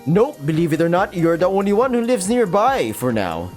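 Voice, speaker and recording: A Filipino man putting on a bubbly, earnest young woman handler from a sci-fi visual novel, chatty and a bit flustered. The voice sits raised and bright above his own, with faint game music behind. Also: high voice, big pitch swings, moderate pace, voice pushed up. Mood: explaining. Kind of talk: reading a visual novel aloud.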